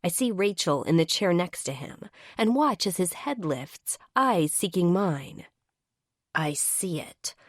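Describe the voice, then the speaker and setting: A woman's voice: on the low side, big pitch swings, slow, no echo, studio quality. A woman narrating a first-person romance audiobook in a wry, exasperated manner.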